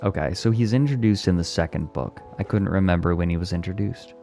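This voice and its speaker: A man streaming and chatting casually with his viewers, speaking gently and with enthusiasm. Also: low-pitched, brisk, faint music behind. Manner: gentle, soft-spoken. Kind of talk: casual live-stream chat, answering chat.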